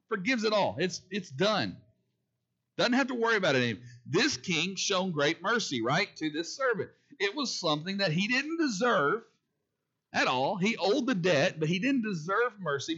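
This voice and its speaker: Bright high-voiced preacher. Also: male voice, dull audio. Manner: repeats key phrases, asks the congregation questions. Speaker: pastor. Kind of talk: sermon.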